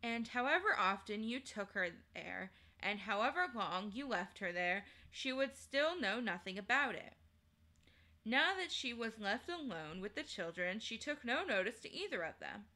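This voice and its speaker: A woman streamer reading a children's novel aloud in a measured, unhurried way. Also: on the high side, big pitch swings, pushed and bright. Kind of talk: storybook read-aloud.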